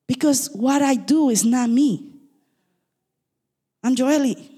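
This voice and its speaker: A woman pastor with a non-native English accent delivers a sermon fast and emphatically, adding asides and apologies. Her fairly high voice is mellow and husky, echoing with the long reverb of a church hall.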